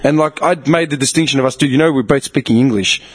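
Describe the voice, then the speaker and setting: A man from Melbourne with an Australian accent, chatting casually with friends on a podcast, swearing a lot and laughing loudly. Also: mid-range voice, fast. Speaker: podcast co-host. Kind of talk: casual banter among friends.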